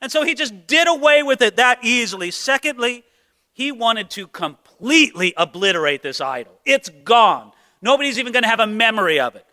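Emphatic preacher with a very bright high voice. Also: male voice, expressive, a little fast, in a large hall. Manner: emphatic, rhetorical, with dramatized quotations. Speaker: pastor. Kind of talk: sermon.

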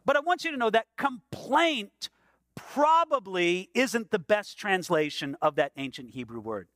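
A man's voice: high-pitched, sing-song, measured pace, bright, forceful tone, no echo, clean studio sound. A man preaching a sermon in an earnest, conversational way, asking his listeners questions as he goes. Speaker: pastor.

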